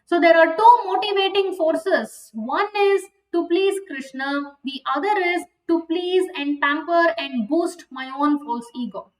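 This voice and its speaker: A woman teaching a scripture class, telling stories and asking questions, and slowing down to stress her points. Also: extremely high pitch. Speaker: spiritual teacher. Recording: echoey and distant online class audio.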